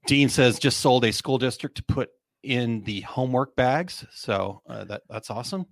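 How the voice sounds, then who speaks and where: A man's voice: medium pitch, normal speed, gravelly, dry recording, clean studio sound. A man hosting a casual trade talk show, reading out listener comments and chatting loosely with plenty of fillers and restarts. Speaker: podcast host.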